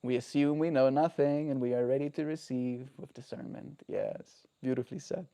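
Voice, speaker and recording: A man's voice: mid-range voice, steady tone, moderate pace, warm tone, smooth. A man talking earnestly and reflectively on a daily livestream, often checking in with the listener. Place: home.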